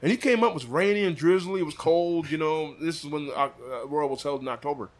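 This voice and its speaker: A man from Des Moines telling a story casually, acting out quotes with big jumps in his voice. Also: quick pace. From Des Moines, Iowa. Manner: animated, acts out quotes with big pitch jumps. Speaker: barbecue sauce maker, podcast guest.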